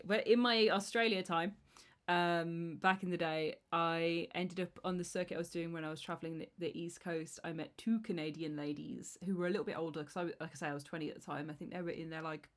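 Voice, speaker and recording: A woman's voice: lowish voice, a bit bright. A woman in her thirties, streaming and chatting casually with a rambling, self-deprecating manner full of restarts. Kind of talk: casual chat.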